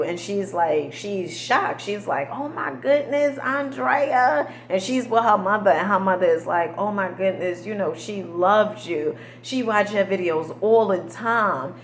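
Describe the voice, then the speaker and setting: Sassy, emphatic woman vlogger in an echoey room. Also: medium pitch. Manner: sassy, emphatic, says "honey" and "girl" often, dialect grammar. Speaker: motivational vlogger. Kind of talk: animated storytelling monologue. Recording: echoey room with faint ambient noise.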